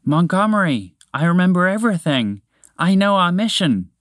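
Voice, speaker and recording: A man's voice: a little high, very animated, a little fast, a bit bright, no echo, clean studio sound, pitched above the performer's own voice. A man voicing a big, clumsy male moose who frets and gets upset easily, for a spoken storybook. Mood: earnest. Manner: fretful, emotional.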